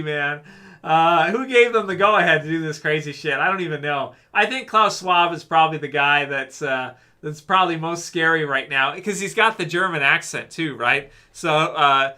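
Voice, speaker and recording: A man runs a relaxed livestream, reading viewer comments and talking loosely, full of fillers, wandering off topic and addressing listeners as "man." He speaks with a fairly high, bright voice and a forceful tone.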